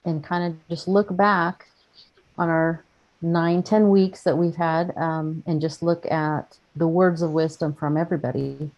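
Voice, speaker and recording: A woman in a group coaching session who talks in a thoughtful, soft-spoken way. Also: low voice, fairly even intonation, a little slow, dull audio. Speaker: coaching client.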